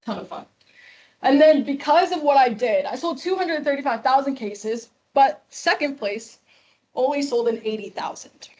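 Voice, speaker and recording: Young woman from Chicago, guest speaker, animated storyteller, slightly high voice. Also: moderate pace. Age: 20s. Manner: lively, acts out quoted dialogue. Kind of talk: storytelling talk to a class. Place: classroom.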